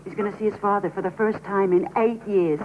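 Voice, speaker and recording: A woman's voice: medium pitch, steady tone, a little fast, slight background noise, lightly acted. Actress as an older New mama cooking host, motherly chatter, thin phone-like audio. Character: warm old Italian-American grandmother cooking-show host. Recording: tinny old broadcast audio.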